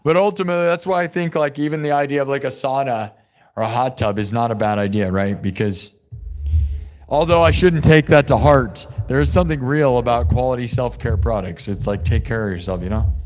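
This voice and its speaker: A man's voice: medium pitch, brisk, darkish tone. A man hosting a music livestream, rambling and joking casually with his chat. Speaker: livestream host.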